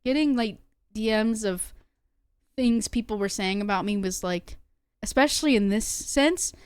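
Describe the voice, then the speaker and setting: A woman's voice: mid-range voice, measured pace, clear, resonant tone, dry recording. A young woman streamer talking casually to her chat, rambling with lots of fillers and restarts. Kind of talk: casual livestream talk to chat.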